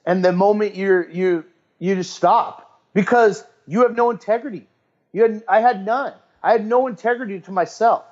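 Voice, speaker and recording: An animated man with a fairly high voice, chatting as a podcast guest. He rambles and repeats himself as he talks about his clients. The recording sounds a bit dull and lo-fi. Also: normal speed. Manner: animated, rambling, repeats words and quotes others. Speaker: podcast guest and fitness coach. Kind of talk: casual interview chat.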